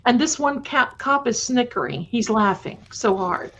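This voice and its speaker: A woman host telling her own spooky stories to a live audience in a chatty way, dropping to a hushed voice at tense moments. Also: on the high side, lively intonation, measured pace. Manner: addresses viewers fondly. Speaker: storytelling host. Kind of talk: casual live storytelling. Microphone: live-stream mic. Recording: dull lo-fi stream audio.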